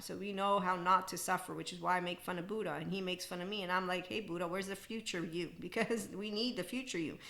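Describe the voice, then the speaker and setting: A middle-aged woman hosting a podcast, talking through a casual spiritual monologue in an animated way, often laughing and mimicking other people. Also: lowish voice. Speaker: podcast host.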